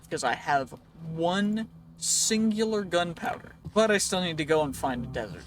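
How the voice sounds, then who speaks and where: A man's voice: on the high side, lively intonation, moderate pace, music in the background. A young man casually commenting while playing a game, rambling and joking to himself, his voice slightly worn. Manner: chatty, rambling, jokey self-talk. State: voice a bit worn. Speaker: let's play host.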